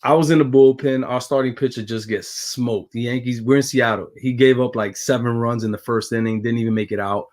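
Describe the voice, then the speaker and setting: New york guy, ex pitcher, tells a wild story, laughs and swears a lot. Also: steady tone, fairly quick, few pauses, darkish tone. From Brooklyn, New York. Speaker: guest, former pitcher. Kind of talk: casual storytelling.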